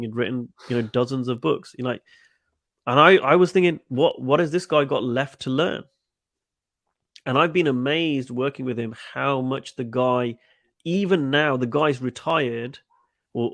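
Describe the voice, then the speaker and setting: A man's voice: mid-range voice, dry recording. A middle-aged man, a coach, telling stories in a webinar, often repeating words and acting out quoted dialogue. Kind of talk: webinar interview answers.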